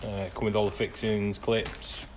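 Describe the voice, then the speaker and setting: A man's voice: lowish voice, flat delivery, a little slow, noisy background. Dry, sarcastic man in a workshop. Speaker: classic car restorer. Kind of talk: workshop vlog narration.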